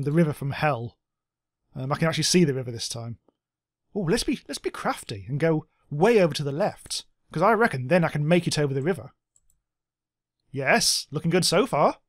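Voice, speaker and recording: A man giving casual let's-play commentary, excitable, swearing a lot and making silly sound effects. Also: a little high, no room sound, clean studio sound. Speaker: gameplay commentator.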